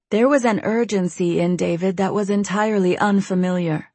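A woman narrating an audiobook with tense, steady storytelling. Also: mid-range voice, normal speed, few pauses, no room sound. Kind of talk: scripted narration.

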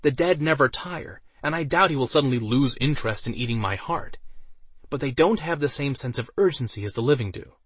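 A man's voice: mid-range voice, expressive, fairly quick, fairly bright tone, slightly rough, no room sound, pitched above the performer's own voice. A man voicing a vain, pompous male mage who declaims theatrically. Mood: smug.

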